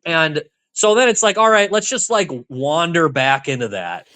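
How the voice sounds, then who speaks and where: A man's voice: fairly high pitch, very animated, moderate pace, pushed and bright, no echo. A young man co-hosting a podcast, casually recounting movie scenes and acting out the characters' lines. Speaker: podcast co-host. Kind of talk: casual chat.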